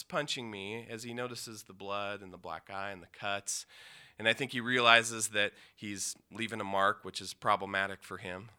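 A man from the Pacific Northwest telling an emotional personal story, intense, with pauses and restarts. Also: mid-range voice, expressive, sharp tone. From Yakima, Washington, USA.

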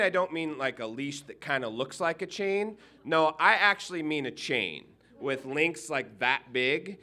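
A middle-aged man with a bright, clear voice tells a funny story from his own life. He is a minister, lively and animated, and slips into the voices of the people in the story. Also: a little high. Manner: animated, humorous, acts out characters. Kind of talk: personal storytelling.

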